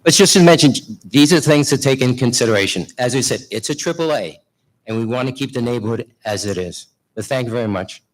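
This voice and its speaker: A man on a town zoning board gives a firm, measured reply at a public hearing in a town hall meeting room. His voice sits at an ordinary middle pitch.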